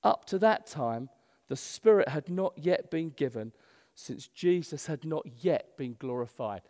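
A man preaches a sermon in a church. His voice sits a little high and rings with long reverb through the hall. He moves from loud, emphatic lines to quiet, hushed asides. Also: expressive, unhurried. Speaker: pastor.

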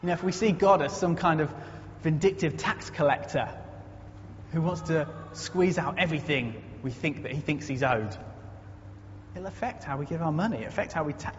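With a slightly high voice at a moderate pace, a man gives a sermon in a conversational, earnest style, weaving stories and building to emphatic repetition. It was captured in an echoey hall, sounding muffled with faint noise.

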